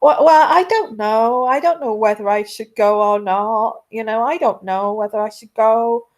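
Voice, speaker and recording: A woman's voice: on the high side, moderate pace, natural voice. A woman putting on a hesitant American wife. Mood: dithering. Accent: attempted American.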